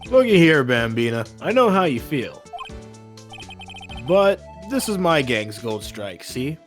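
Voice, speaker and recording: A man's voice: medium pitch, very animated. A man doing a drawling cowboy detective. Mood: swaggering. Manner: drawling, slow Wild West lingo. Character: swaggering cowboy-style male detective, cocky. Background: game music.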